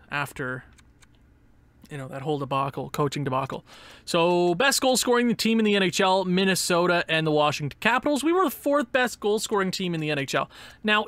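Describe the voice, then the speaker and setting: Man, gameplay commentary, sarcastic, exasperated, bright tone, dry close sound. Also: high voice, no room sound. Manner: exasperated, sarcastic, breaks into pained laughter. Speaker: gaming YouTuber.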